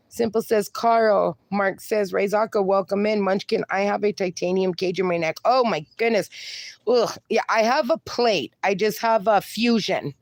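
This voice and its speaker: Hosting a casual live stream, a woman reads viewers' comments aloud in a chatty, affectionate way. Her voice is mid-range, and there's no echo on the recording.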